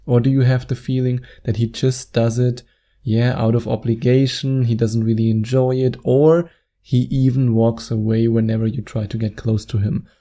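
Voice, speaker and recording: A man's voice: medium pitch, little pitch movement, normal speed, warm tone. A man giving relationship advice as a coach, talking earnestly and rephrasing his points as he goes. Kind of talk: advice video monologue.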